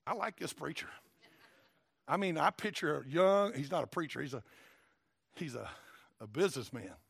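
Gravelly folksy Tennessee preacher. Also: male voice, animated, normal speed, no echo. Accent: Southern US, Tennessee. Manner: folksy, emphatic, swings from low asides to shouts. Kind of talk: sermon.

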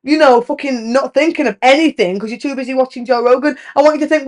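A woman hosts a casual podcast in a slightly higher-than-average voice. She talks frankly and with lots of energy, swearing freely as she tells her stories. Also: lively intonation, quick pace, few pauses. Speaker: podcast host. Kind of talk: candid casual chat.

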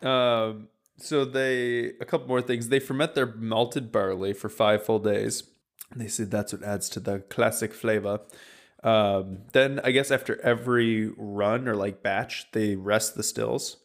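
Low-voiced man rambling on a podcast. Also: a little slow. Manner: relaxed, rambling, many fillers. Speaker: podcast co-host presenting a whisky distillery. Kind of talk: casual podcast chat.

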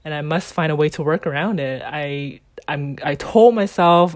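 A middle-aged woman telling a personal business story in a casual, animated way, with frequent ums, restarts and laughter. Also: low-pitched, normal speed, hardly any pauses, no room sound, clean studio sound. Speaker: online seller in a direct sales company.

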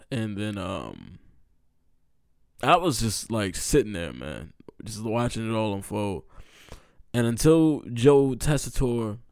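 A man's voice: on the low side, very animated, takes it slowly, gravelly, pauses often, darkish tone, no room sound, studio quality. A man in his twenties telling a personal story in a casual, rambling way, full of slang and fillers, earnest and emotional. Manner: earnest, emotional recounting with restarts.

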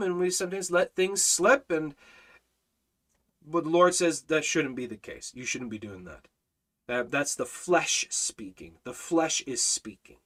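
A man's voice: fairly high pitch, fairly bright tone. A man hosting a Bible study, speaking earnestly and emphatically, reading out scripture and restarting his sentences often.

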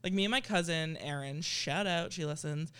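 A woman's voice: low-pitched, normal speed, a bit bright, smooth. A woman co-hosting a podcast, chatting casually and poking fun at herself with frequent laughs. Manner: self-deprecating, laughs often. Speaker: podcast co-host. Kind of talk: casual chat.

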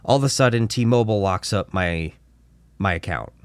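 Low-voiced man telling a story. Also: normal speed. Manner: animated storytelling, acts out dialogue, swears. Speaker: podcast co-host. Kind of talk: casual podcast chat.

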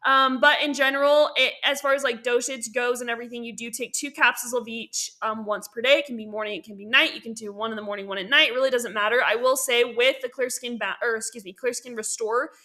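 A woman's voice: a little high, fairly even intonation, fast talker, few pauses, bright, forceful tone. A young woman hosting a casual skincare podcast, chatty and upbeat, with many fillers and self-corrections. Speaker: podcast host and esthetician. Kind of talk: casual educational podcast talk.

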